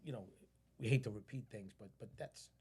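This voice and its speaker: A man's voice: on the low side, fairly quick, darkish tone, slightly rough. A man hosting a casual podcast conversation, talking emphatically and often repeating phrases and restarting his sentences. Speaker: podcast host.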